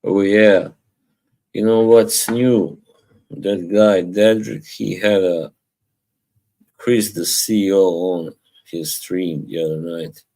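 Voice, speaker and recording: Slow deep-voiced man chatting on stream. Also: darkish tone. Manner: rambling, chuckles often, reads chat aloud. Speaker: live stream host. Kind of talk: casual live-stream chat.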